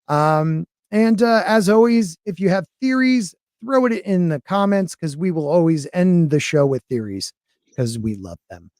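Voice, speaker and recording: A man's voice: sits high, expressive, measured pace, darkish tone, dry recording. Brief: male podcast host from Connecticut, loose and jokey, self-deprecating, dry close sound. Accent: Connecticut, near New York. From western Connecticut, US. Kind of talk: casual live-stream chat.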